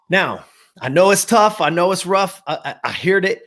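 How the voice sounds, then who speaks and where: A man in his fifties tells a personal story as a motivational guest. He is emphatic, repeats himself for effect and speaks straight to listeners, his voice sitting somewhat high for a man. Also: lively intonation, normal speed, fairly bright tone. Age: 50s. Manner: emphatic, repeats words, addresses the audience directly.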